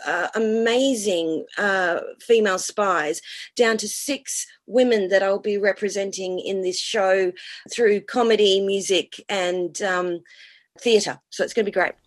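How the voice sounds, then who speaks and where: A woman's voice: medium pitch, measured pace. A woman, a cabaret and burlesque performer, talking enthusiastically as a guest in a radio interview, piling up long lists.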